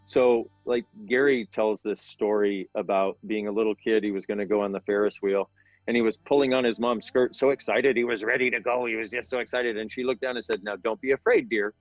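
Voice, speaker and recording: A man's voice: lowish voice, steady tone, brisk, no echo. A middle-aged man, an interview guest, explaining things in a casual, earnest and rambling way with self-deprecating asides. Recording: dull sound with faint background music.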